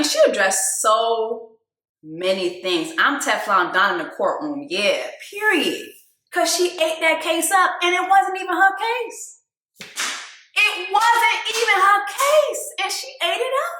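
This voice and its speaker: High bright animated woman. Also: echoey room. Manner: animated, swings from low asides to high exclamations; loud, laughs often. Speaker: video host reacting to a song. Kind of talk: casual commentary.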